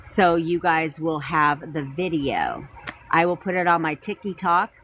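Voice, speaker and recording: A woman's voice: low-pitched, lively intonation, unhurried, fairly bright tone, slight background noise. A woman coaching viewers on a live stream, chatting casually, answering them by name and repeating her points.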